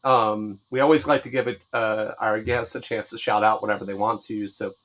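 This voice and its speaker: A man's voice: on the low side, fairly even intonation, fairly quick, a bit bright, slight background noise, rough recording. A man with a Southern US accent hosting a podcast, talking in a friendly, laid-back way with many "um"s. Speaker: podcast host. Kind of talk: casual conversation.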